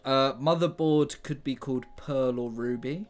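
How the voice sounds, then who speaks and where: A man talks to himself as he writes, thinking out loud in a loose, casual way. He reads text aloud and breaks off with sarcastic, muttered remarks. His voice sits at an ordinary middle pitch. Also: measured pace, soft background music. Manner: sarcastic, muttered asides while reading aloud.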